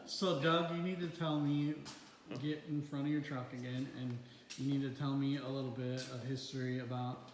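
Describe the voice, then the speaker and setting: A man's voice: mid-range voice, little pitch movement, moderate pace, a little hiss or hum. An enthusiastic man interviews a guest in a casual, upbeat way, tripping over and repeating words. The sound is roomy and echoey, as in an open shop. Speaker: interviewer, event organizer. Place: a shop, indoors.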